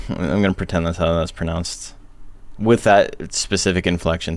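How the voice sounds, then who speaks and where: A man's voice: deep voice, fairly even intonation, normal speed, darkish tone, dry recording. A man live-streaming in casual chat, rambling and self-deprecating while fighting hiccups. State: has hiccups.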